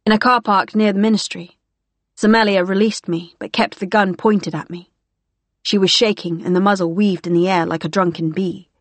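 A woman's voice: mid-range voice, steady tone, normal speed, dry recording. A woman narrating a first-person novel, with a dry, wry storytelling manner. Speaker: audiobook narrator.

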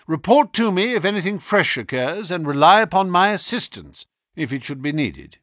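A man voicing Sherlock Holmes, a keen and sharp-minded detective who speaks in a measured, probing and lecturing way, in an audiobook reading. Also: sits high, sing-song, dry recording, clean studio sound, voice pushed up, exaggerated voice.

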